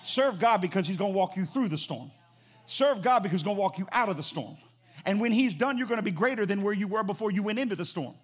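A man preaching a sermon as pastor, animated and emphatic, repeating phrases for emphasis. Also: high-pitched, quick pace, breathy edge.

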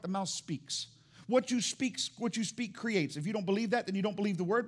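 A middle-aged man preaching a sermon in church as pastor, emphatic and repeating his key phrases. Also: high-pitched.

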